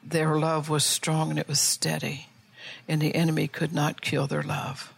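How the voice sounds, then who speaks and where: A woman's voice: low voice, monotone, normal speed, vocal fry, husky. A middle-aged woman pastor preaching earnestly, asking her listeners rhetorical questions. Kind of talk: sermon.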